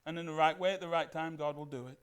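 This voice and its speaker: A man preaching a sermon as pastor, animated and putting questions to the congregation. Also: fairly high pitch, fast talker, smooth.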